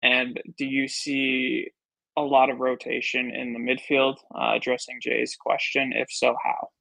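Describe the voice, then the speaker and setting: A man hosts a live football stream in a gravelly, bright voice, recorded dry and close. He works through viewer comments with a steady pace, filling pauses with "uh". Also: medium pitch, no echo, rough recording. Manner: steady, reads out viewer comments, filler-heavy. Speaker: stream host.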